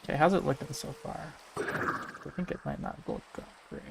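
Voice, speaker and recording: A man's voice: fairly high pitch, wildly swooping pitch, moderate pace, vocal fry, noisy background. A man from the United States, talking casually on a game livestream and musing as he answers chat messages. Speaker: game streamer.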